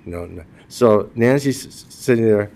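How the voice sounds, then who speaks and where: A man's voice: on the low side, unhurried, vocal fry, warm tone. A man in his sixties giving a eulogy for his wife, telling humorous personal stories and laughing at his own jokes. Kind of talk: funeral eulogy told as personal anecdotes.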